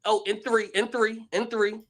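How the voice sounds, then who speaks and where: A man's voice: high-pitched, flat delivery, normal speed, fairly bright tone. A man ranting in a casual vlog clip, blunt and profane, heavy on street slang. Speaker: battle rapper and tournament host.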